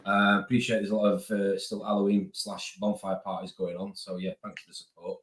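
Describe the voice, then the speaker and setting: A man hosting a casual live stream, chatting quickly and greeting viewers by name. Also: on the low side, little pitch movement, breathy edge. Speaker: host.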